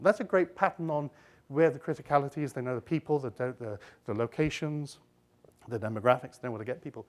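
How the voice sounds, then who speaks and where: A man's voice: medium pitch, brisk. A middle-aged man giving a live conference talk on a stage. He rambles, keeps breaking off mid-sentence to restart, and throws in joking asides. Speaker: conference speaker.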